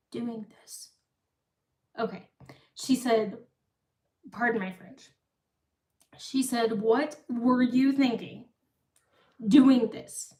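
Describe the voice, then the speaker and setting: A young woman hosting a livestream, telling a long personal story casually, circling back and repeating herself. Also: fairly high pitch. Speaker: livestream host. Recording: echoey room, far from the mic.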